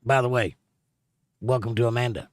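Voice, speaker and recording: A man's voice: medium pitch, steady tone, moderate pace, dry recording, clean studio sound. A middle-aged man hosting a live stream, chatting casually with his viewers in a sarcastic, joking, folksy way.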